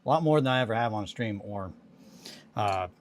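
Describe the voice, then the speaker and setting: A man's voice: on the low side, lively intonation, brisk, a little hiss or hum. A man streaming a casual hobby chat, rambling and chatty, swearing casually.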